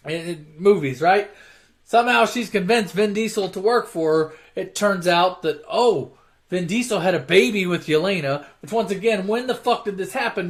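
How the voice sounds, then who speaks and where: A young man casually retelling movie plots in a rambling, sarcastic, profane way. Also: high-pitched. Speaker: storyteller. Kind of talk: casual comedic plot retelling.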